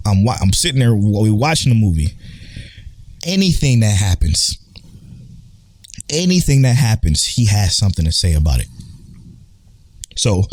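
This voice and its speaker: Man, low mellow husky voice, laid-back podcast chat, cusses freely. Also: no echo. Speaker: podcast co-host. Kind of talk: casual chat.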